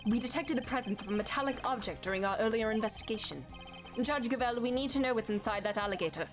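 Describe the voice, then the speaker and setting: A woman reading the lines of a composed, formal male prosecutor in measured tones. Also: a little high, lightly acted. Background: game music.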